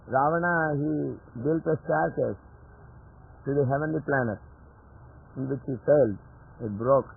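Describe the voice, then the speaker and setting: A man with a gravelly, husky voice gives a devotional lecture and tells stories in a chatty way, chuckling at his own jokes. He is at an ordinary pitch for a man. The old lecture tape sounds thin and tinny, like a phone line. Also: unhurried, pauses often.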